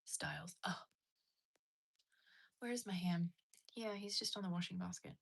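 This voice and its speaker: A woman's voice: on the low side, unhurried, vocal fry, breathy edge. A young woman hosting a casual livestream from home, chatting and answering viewer comments. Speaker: livestream host. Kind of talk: casual live-stream chat.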